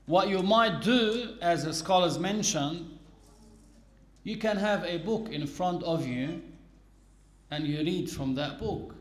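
A man with a fairly high voice delivers a religious lesson at an unhurried, measured pace. He explains each point deliberately and illustrates it with everyday examples. The sound carries a noticeable room echo. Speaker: Islamic teacher. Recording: echoey room.

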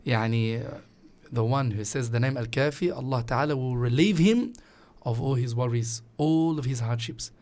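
A man's voice: medium pitch, normal speed, few pauses. Earnest man telling religious stories. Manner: earnest, animated storytelling with quoted voices. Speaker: religious teacher. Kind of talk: casual religious chat.

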